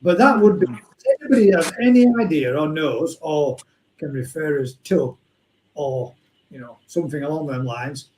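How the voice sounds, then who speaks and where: A man's voice: fairly high pitch, lively intonation, moderate pace, darkish tone, roomy sound, slight background noise, poor audio. A man hosting a casual chat, rambling and trailing off, laughing often. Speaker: host.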